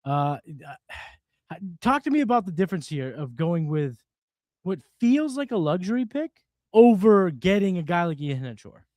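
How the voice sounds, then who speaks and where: A man with a somewhat high voice co-hosting a live sports stream. He talks in an energetic, bantering way and fires off quick questions. The sound is dry and close. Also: no room sound. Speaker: co-host. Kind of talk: live draft coverage chat.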